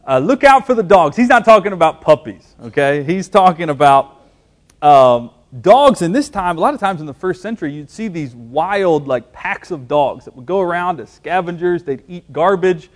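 A man with a fairly high voice preaches, reading a passage aloud and then teaching from it. He talks with lively emphasis and drops in light jokes as he explains each point. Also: normal speed. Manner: animated preaching with scripture reading and humor. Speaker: pastor. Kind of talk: sermon.

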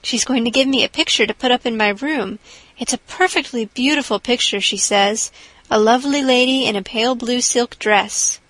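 A woman's voice: a little high, normal speed, a bit bright, no room sound, natural voice, low-quality recording. A woman reading the part of a chattering, imaginative young orphan girl in an audiobook, gushing and dreamy.

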